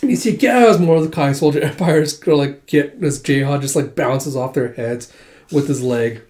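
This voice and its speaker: A man's voice: medium pitch, steady tone, normal speed, a little mellow. A man casually retelling a comic as he reads it, rambling and filling gaps with "like". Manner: rambling, full of "like". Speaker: host reading a comic aloud. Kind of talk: casual readthrough narration. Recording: roomy echo.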